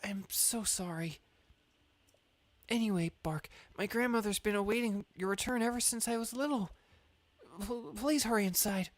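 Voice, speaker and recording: A man's voice: high-pitched, normal speed, no room sound, voice pushed up, close to an everyday voice. A man voicing a shy young woman villager who stammers and trips over her own name. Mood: apologetic. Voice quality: stammering, flustered.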